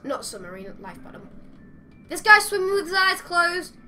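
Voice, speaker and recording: High, bright woman commenting on gameplay. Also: sing-song, normal speed, soft background music. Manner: chatty, exasperated, talks to the game creatures. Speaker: gamer. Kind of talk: playing commentary.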